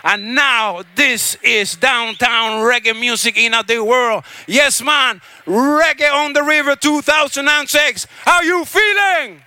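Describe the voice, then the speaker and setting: A man from Chile acting as stage MC at a reggae festival, shouting hype call-outs and blessings into a stage mic on an outdoor stage. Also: extremely high pitch, fairly even intonation, takes it slowly, few pauses, smooth. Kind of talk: live stage announcing.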